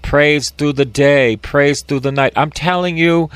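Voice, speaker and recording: A man's voice: a little high, a little slow, fairly bright tone, smooth, no room sound. An older man, a priest, giving a folksy, emphatic Bible teaching and repeating key phrases.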